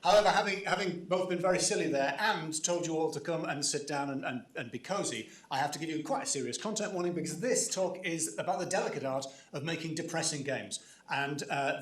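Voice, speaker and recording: A man hosting a conference stage, introducing speakers in a playful, rambling way with self-aware asides. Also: on the high side. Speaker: event host. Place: conference hall. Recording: echoey hall sound.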